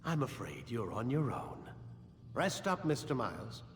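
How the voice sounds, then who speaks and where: An actor playing a cold, commanding middle-aged scientist who holds a prisoner, talking curtly and with contempt. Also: male voice, medium pitch, very animated, a little slow, big-room sound, slight background noise. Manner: curt, commanding, sneering.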